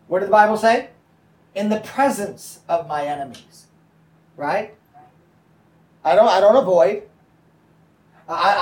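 High-voiced man teaching a Bible study. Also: roomy sound, far from the mic. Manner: conversational, checks in with the audience. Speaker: pastor.

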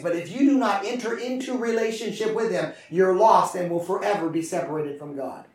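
A man's voice: high voice, brisk, few pauses. A man preaching a sermon in a church with passion, calling for responses from the congregation. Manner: impassioned, call-and-response preaching. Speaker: pastor. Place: church sanctuary. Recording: echoey room from far off.

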